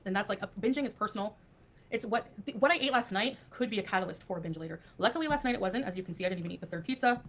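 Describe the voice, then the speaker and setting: A woman's voice: medium pitch, lively intonation, racing, fairly bright tone. A woman rambling defensively while chatting on a livestream.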